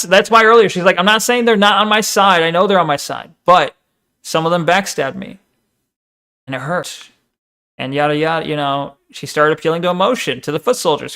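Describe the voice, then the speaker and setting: A high-voiced male streamer chats casually as he reacts to a video, sounding bright and swearing and laughing freely. Excitement makes him trip into stammers.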